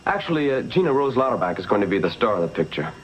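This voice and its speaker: An earnest young idealist son. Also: male voice, on the low side, sing-song, rapid-fire, a little hiss or hum. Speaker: son making a film. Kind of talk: 1960s sitcom acting. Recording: dull old TV soundtrack with music.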